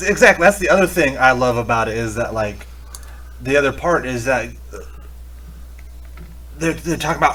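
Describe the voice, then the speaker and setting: A man's voice: mid-range voice, expressive, normal speed, pauses often, fairly bright tone, a little hiss or hum. A man co-hosting a podcast, chatting casually and profanely about a horror movie and laughing as he retells scenes. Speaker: podcast co-host.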